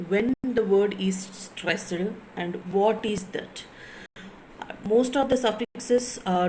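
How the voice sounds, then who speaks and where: A woman's voice: medium pitch, a little mellow, slight background noise, low-quality recording. A woman lecturer in English with an Indian English accent, teaching a class, repeating key phrases and spelling words letter by letter.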